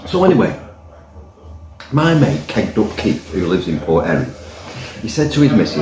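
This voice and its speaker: A man's voice: medium pitch, very animated, normal speed, a crowd in the background. A man reviewing a pint in a pub, chatting in a rambling, jokey way. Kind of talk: casual review with a joke. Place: indoors in a pub by the fire. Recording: roomy pub echo.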